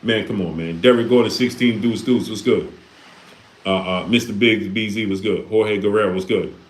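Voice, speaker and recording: Man hosting a livestream, low voice, preachy and repetitive, echoey room. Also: fairly even intonation, normal speed. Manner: preachy, repeats himself, rhetorical questions. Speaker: live stream host reading Super Chats. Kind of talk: casual livestream talk.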